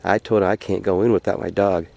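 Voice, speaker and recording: A man's voice: deep voice, steady tone, fast, vocal fry, warm tone. A man voicing a plain-spoken rural hunter, earnest and folksy, devoted to his dog. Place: outdoors by a frozen lake.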